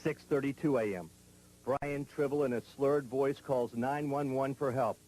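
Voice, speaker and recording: A man narrating a television news report in a measured, grave, scripted delivery. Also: mid-range voice, steady tone, background noise.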